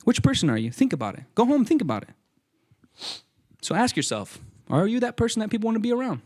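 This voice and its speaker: Animated high-pitched young preacher. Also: male voice, fast. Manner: animated, acts out quoted voices, jokes with listeners. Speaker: youth speaker. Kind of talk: lively sermon.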